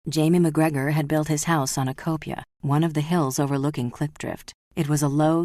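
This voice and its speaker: Woman, audiobook narrator, very low voice, dry close sound. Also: darkish tone, no room sound.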